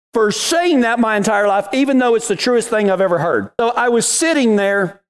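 A middle-aged man with a drawl delivers a homespun devotional, full of cowboy slang. He tells stories in an easygoing, conversational way, and his pitch swings widely as he builds to a point. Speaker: devotional podcast host. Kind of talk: folksy devotional talk.

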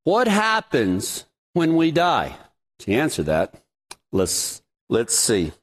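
A man's voice: medium pitch, huge pitch swings, slow pace. A man preaching a sermon, telling his own story in a folksy, dramatic way.

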